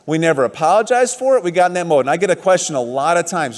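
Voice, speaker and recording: Higher-voiced man speaking in a reverberant hall. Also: fast talker, hardly any pauses. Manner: animated, emphatic storytelling. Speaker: motivational speaker at a business event. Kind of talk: motivational stage speech. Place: large event hall.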